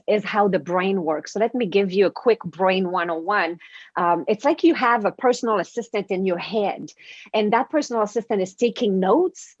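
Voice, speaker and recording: A woman's voice: medium pitch, no room sound, dull audio. A woman, a confidence coach telling stories on a radio interview and acting out inner voices. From French-speaking. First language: French. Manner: lively storytelling, acts out inner voices. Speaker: guest, confidence coach and author.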